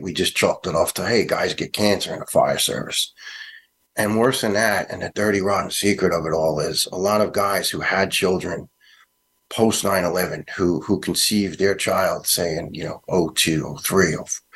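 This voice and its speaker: A middle-aged retired fire lieutenant with a New York accent, answering an interview question in a halting, earnest way with many restarts. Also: male voice, low voice, fairly bright tone. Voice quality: gravelly, husky. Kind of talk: interview answer, personal account.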